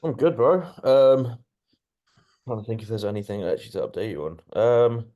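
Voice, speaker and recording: Young man, lowish mellow voice, relaxed casual chat, says bro. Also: normal speed. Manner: relaxed, short agreeing replies, says bro. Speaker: podcast co-host.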